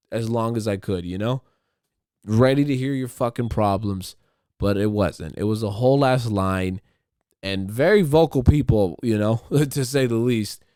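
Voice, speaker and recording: A man's voice: dark tone, no room sound, studio quality. A man hosting a podcast, telling a rambling, profane story in a casual chat. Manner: rambling, profane, acts out quotes in high voices. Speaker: podcast host.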